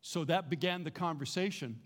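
A man preaching in a large hall, his slightly high voice carrying with a long echo. He tells stories with lively animation and has the congregation repeat phrases back to him. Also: normal speed. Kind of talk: sermon. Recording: reverberant hall.

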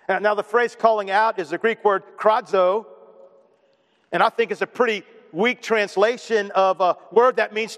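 A man's voice: sits high, fairly even intonation, normal speed, a bit bright, big-room sound. A man preaching a sermon as pastor, emphatic and building with repeated phrases.

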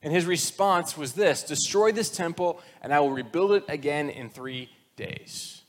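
In a large hall, a pastor with a fairly high-pitched voice preaches at a measured pace. His delivery feels like casual conversation, with quoted voices acted out and moments where he goes nearly to a whisper to drive a point home.

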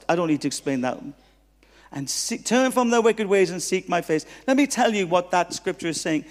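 A man preaching as a guest pastor, telling stories with humor and acting out the dialogue. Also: fairly high pitch. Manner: animated, humorous, acts out dialogue. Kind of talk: sermon with storytelling. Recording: long reverb of a hall.

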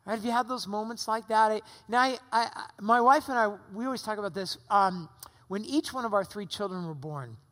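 Recovering from pneumonia, a middle-aged pastor preaches in a conversational style, asking rhetorical questions from the church sanctuary. His high voice is sharp and fairly quick, echoing with long hall reverb.

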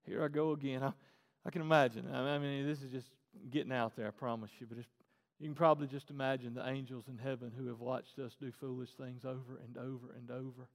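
A pastor, preaching a sermon in a conversational, animated way and repeating phrases for emphasis. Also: male voice, medium pitch, a little fast. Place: church auditorium stage. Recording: long reverb in a large hall.

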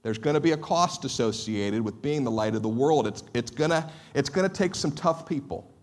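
A man's voice: mid-range voice, expressive, moderate pace. A male pastor preaching a sermon, telling stories with a humorous, self-deprecating manner. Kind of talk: sermon with storytelling.

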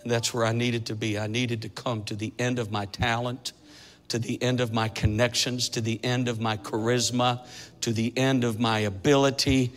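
A man in his sixties preaching a testimony sermon, telling his story dramatically and building to fervent shouting. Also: mid-range voice, little pitch movement, moderate pace. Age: 60s. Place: church sanctuary. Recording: echoey church hall with faint music.

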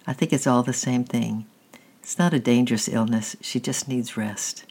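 A woman's voice: rumbling low, breathy edge, exaggerated voice. A reader voicing a kindly old woman neighbor. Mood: gentle, reassuring. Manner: soft, quiet and slow, reassuring.

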